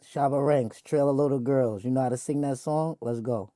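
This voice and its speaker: A man's voice: medium pitch, moderate pace, mellow. A man hosting his show, teasing an AI in a casual, slangy back-and-forth. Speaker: show host. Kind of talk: casual chat with an AI.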